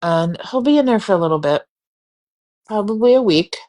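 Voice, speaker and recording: A woman's voice: medium pitch, animated, normal speed, darkish tone. A woman hosting a live stream in casual chat, yawning and rambling, candid and free with swearing. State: sleepy, yawning. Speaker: livestream host.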